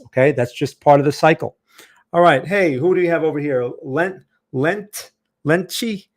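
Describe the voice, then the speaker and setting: New Jersey-accented man, fairly high voice, chatty live-stream trading teacher. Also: a little mellow. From Northern New Jersey, USA. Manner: chatty, talks to chat viewers. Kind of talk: live-stream market lesson.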